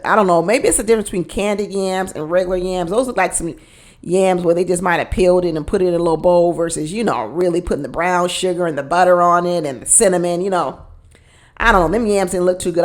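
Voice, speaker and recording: A woman chatting through a casual recap of a reality show, gossipy and talkative, speaking straight to her listeners. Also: on the low side. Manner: chatty and gossipy, addresses listeners as y'all, laughs often.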